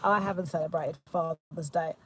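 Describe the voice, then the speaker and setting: A young British woman hosts a casual livestream, greeting viewers with chatty giggles and plenty of fillers and restarts. Her voice sits low and sounds husky, with fairly even intonation and a moderate pace. The recording is rough.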